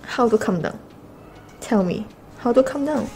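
A young woman from Malaysia chatting excitedly while unboxing albums in her vlog, gasping often and dropping into breathy whispers. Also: on the high side, moderate pace, faint music behind, poor audio. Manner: gushing, gasping, with frequent breathy exclamations. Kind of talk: casual excited unboxing chat.

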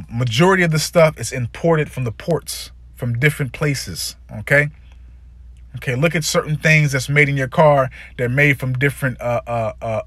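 A man's voice: mid-range voice, fairly bright tone, no room sound. A man giving a fervent, profane sermon, reading scripture aloud and stumbling over many filler sounds. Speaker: preacher.

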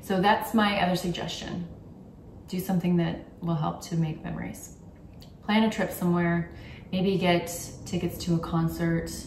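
A woman's voice: on the low side, steady tone, normal speed, a little mellow, distant mic, slight background noise. Young woman YouTuber, chatty gift-guide vlog, echoey room, faint background ambience. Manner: chatty, candid, with frequent ums. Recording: roomy echo, from off the mic.

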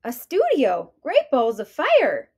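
Eager storybook girl read by a woman, chirpy exclamations, bright and lively. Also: sits high, takes it slowly, exaggerated voice. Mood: excited. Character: young singing girl, eager and bold.

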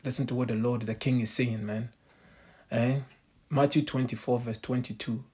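A man's voice: medium pitch, fairly even intonation, moderate pace, darkish tone, slightly rough. A man preaching a sermon, calling his listeners family and answering his own rhetorical questions.

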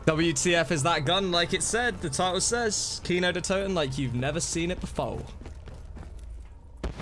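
A man's voice: a little high, normal speed, background noise. A young man streaming a game live, chatting casually with his viewers between plays. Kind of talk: casual live-stream chat while gaming.

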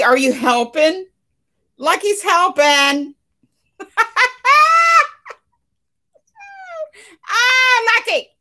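In a medium-pitched, slightly bright voice, a woman chats with live viewers while hosting a casual crochet stream from her living room. She reads out their comments and laughs a lot.

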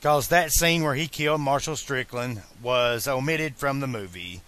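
A man's voice: mid-range voice, normal speed, fairly bright tone. A man narrating a fan-made audiobook who stops now and then for casual, chatty asides. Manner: casual, chatty asides between read passages. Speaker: amateur audiobook reader.

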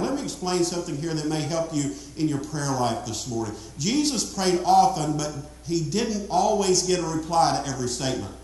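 Preacher man, kinda high voice, big echo off the church walls, keeps asking for amens. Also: lively intonation, normal speed, few pauses, darkish tone. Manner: emphatic, repetitive preaching with calls to the congregation. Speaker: pastor. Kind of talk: sermon. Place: church sanctuary. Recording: very echoey church hall.

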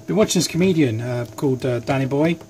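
A man's voice: medium pitch, fast, warm tone, slight background noise. A young man chatting casually and rambling while he works at his bench, recorded on a phone, a little sleep deprived. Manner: rambling, chatty, self-deprecating. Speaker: hobby craft vlogger. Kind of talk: casual chat while working. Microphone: phone camera.

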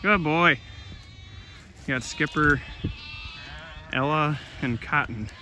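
A man's voice: fairly high pitch, takes it slowly, sharp tone. A man farmer chatting casually while herding his flock outdoors, rambling and talking to his animals. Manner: folksy, rambling, talks to the animals. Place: outdoors on a farm hillside and woods. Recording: outdoor noise with sheep bleating. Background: sheep bleating.

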